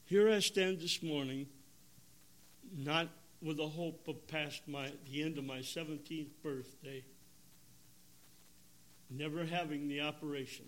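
An older man delivers a sermon testimony. He swings between loud, emotional bursts and hushed, quiet lines, in a slightly high voice. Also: steady tone, a little slow, pauses often. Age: 70s. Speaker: preacher.

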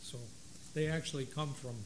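A man leading a congregation through liturgy. He reads prayers in a measured way and adds plain explanations between them. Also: a little high, steady tone, slight background noise, low-quality recording. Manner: slow, measured reading of prayers with plain asides.

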